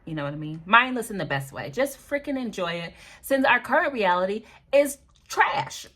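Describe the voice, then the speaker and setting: A woman's voice: fairly high pitch, sing-song, fairly quick, fairly bright tone. A woman talks straight to the camera from her home, chatting loosely and drifting from one thing to the next. She laughs at her own slips and keeps the tone light and playful, the way a beauty and lifestyle vlogger does. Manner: rambling, playful, laughs at herself. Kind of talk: casual chatty vlog.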